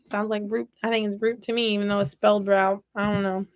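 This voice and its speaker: A woman's voice: mid-range voice, flat delivery, quick pace, few pauses. A woman in her thirties chatting casually and telling playful stories while she repairs toys with her hands. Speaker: toy repair vlogger. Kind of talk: casual chat while crafting.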